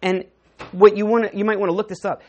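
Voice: medium pitch, flat delivery, fast talker, a little mellow. A preacher giving a sermon, walking through a Bible passage verse by verse and acting out the quoted dialogue, with frequent self-corrections.

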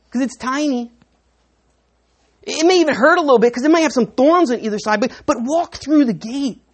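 Animated woman preaching a sermon. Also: sits high. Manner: animated, acts out crowd voices. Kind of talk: sermon with an object lesson.

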